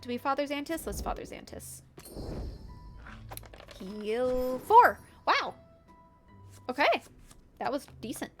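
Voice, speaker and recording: Playful, slightly high-voiced woman streamer. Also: sing-song, slow pace, pauses often, soft background music. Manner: playful, giggly, narrates characters' antics. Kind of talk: casual gameplay commentary.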